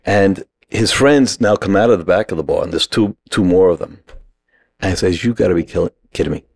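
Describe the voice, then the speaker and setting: A middle-aged man from New York, casually telling a lively anecdote and acting out the quoted lines. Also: sits low, a little fast, vocal fry, no room sound. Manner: animated anecdote-teller, acts out quoted lines. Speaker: guest. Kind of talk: casual storytelling.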